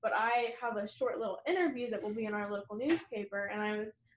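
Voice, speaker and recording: A woman, a podcast guest, talking haltingly and searching for words, her speech a little muffled by a retainer. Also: medium pitch, slight background noise. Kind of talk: casual chat.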